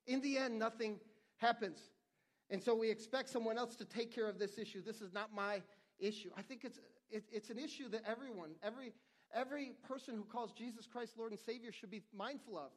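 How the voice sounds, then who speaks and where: High-voiced earnest male pastor preaching. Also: fast talker. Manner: earnest, conversational preaching with repeated restarts. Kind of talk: sermon.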